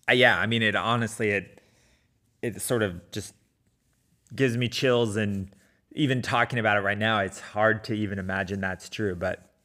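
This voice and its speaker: Middle-aged man telling a story, halting. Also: lowish voice, a bit bright. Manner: conversational with frequent fillers and restarts. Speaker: runner telling a personal story. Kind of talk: casual storytelling.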